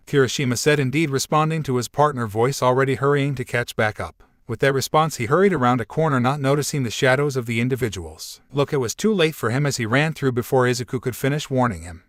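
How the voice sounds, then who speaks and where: A man's voice: mid-range voice, dry recording, studio quality. Man reading a fan-fiction audiobook. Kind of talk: audiobook narration.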